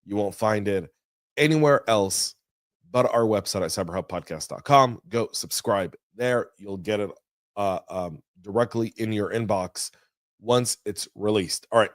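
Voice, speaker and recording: A man hosting a news podcast, talking through the stories in a chatty, energetic way with folksy asides. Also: lowish voice, measured pace, dry recording, clean studio sound. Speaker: podcast host. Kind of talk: casual news commentary. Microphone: studio mic.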